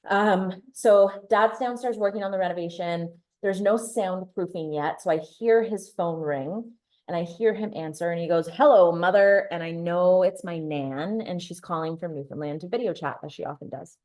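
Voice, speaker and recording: A woman in her thirties gives a presentation in a fairly low, darkish voice at a normal pace. She tells a candid personal story, sometimes restarting or repeating words.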